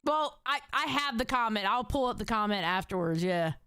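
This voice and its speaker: A woman's voice: a little high, expressive, normal speed, sharp tone, smooth, no echo, clean studio sound. A woman streamer reacting to a call on a live stream, reading out chat and swearing dramatically and mockingly. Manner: reads out chat comments.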